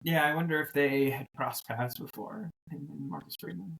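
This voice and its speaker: A man in his thirties co-hosting a casual sports talk show, rambling and animated, with lots of restarts. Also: a little high, moderate pace, gravelly, crowd noise, poor audio. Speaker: co-host.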